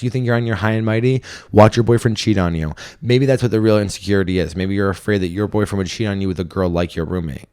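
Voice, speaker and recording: A man's voice: on the low side, darkish tone, no room sound, studio quality. A young man hosting a comedy podcast, giving blunt, teasing advice in casual chat with bursts of laughter. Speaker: podcast host, stand-up comedian.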